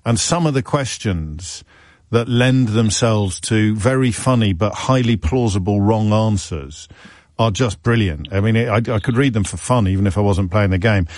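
A man's voice: on the low side, normal speed, darkish tone, no echo, clean studio sound. A man hosting a live radio phone-in, chatty and wry, thinking aloud with frequent restarts.

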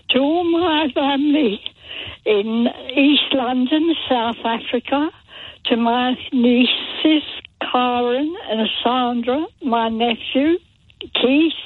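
A woman's voice: fairly high pitch, breathy edge, no echo. A woman over a hundred years old, calling a radio phone-in with formal, heartfelt greetings. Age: 100s. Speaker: caller. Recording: phone line.

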